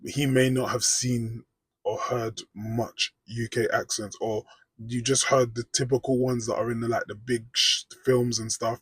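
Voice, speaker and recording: A man's voice: mid-range voice, husky, no room sound. A British man, chatting casually in a rambling reaction vlog. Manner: chatty, rambling, frequent "do you know what I mean". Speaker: vlogger.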